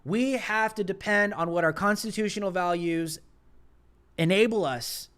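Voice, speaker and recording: A man's voice: high voice, moderate pace, a bit bright, clear, resonant tone. A young man hosting a political commentary livestream, talking in an impassioned way and hammering points through repetition. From United States. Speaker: livestream host.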